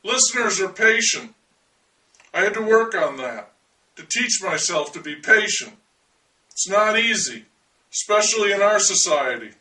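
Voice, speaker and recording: Man as an earnest eccentric hunting alien signals: high, bright voice, slow wry delivery, miked from a distance. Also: lively intonation, heavily acted. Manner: wry, confiding, deliberate monologue to the listener.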